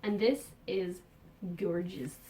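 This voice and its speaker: A woman hosting a casual podcast, talking enthusiastically about yarn she has dyed and received, with soft muttered asides. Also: mid-range voice, takes it slowly. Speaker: podcast host and yarn dyer. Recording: distant mic with faint background noise.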